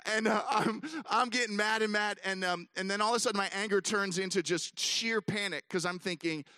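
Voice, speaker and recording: A man speaking at a ministry gathering, telling a funny story in an animated way with lots of fillers and restarts. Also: sits high, moderate pace, no echo. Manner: self-mocking humor. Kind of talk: storytelling talk to an audience.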